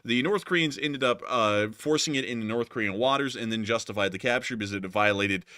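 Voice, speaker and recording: A man's voice: mid-range voice, a little fast, sharp tone, no room sound, studio quality. A young man from the American South with a light, mostly neutral accent, hosting a live stream in chatty, rambling talk full of fillers. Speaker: host.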